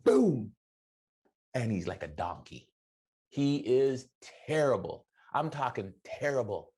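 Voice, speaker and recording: A middle-aged man giving an animated motivational keynote, telling stories and acting out the dialogue. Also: medium pitch, husky. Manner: animated, acts out dialogue with voices. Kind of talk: motivational storytelling speech.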